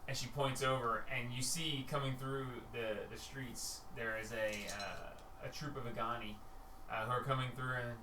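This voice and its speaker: Bright, rambling man narrating a game. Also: medium pitch, steady tone, normal speed, a little hiss or hum. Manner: rambling, many fillers. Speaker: game master. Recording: roomy distant mic, faint ambience.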